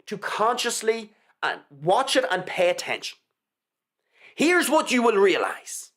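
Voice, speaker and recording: A woman hosting a live commentary show, delivering a combative, scornful opinion monologue to her audience. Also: medium pitch. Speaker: online commentator, show host.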